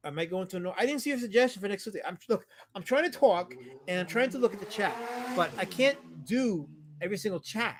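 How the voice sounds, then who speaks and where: A man's voice: sits high, expressive, fast talker, a little hiss or hum. A man hosting a casual livestream, rambling about old movies and teasing his chat. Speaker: livestream host.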